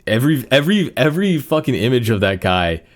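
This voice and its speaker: A man's voice: medium pitch, sing-song, fast. A young man hosting a solo podcast, rambling casually with many fillers and restarts. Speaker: podcast host.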